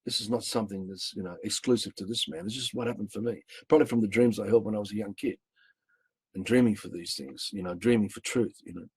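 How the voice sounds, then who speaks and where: A man telling a rambling, emphatic personal story of spiritual experiences, swearing when excited. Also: lowish voice, quick pace, slightly rough, no echo. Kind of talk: personal testimony, casual.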